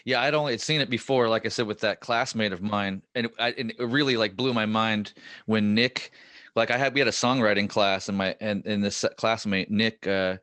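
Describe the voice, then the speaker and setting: A man's voice: fairly low pitch, steady tone, moderate pace, fairly bright tone, no room sound. A man hosting a podcast, chatting and telling stories animatedly with plenty of fillers. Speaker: podcast host. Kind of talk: casual podcast interview.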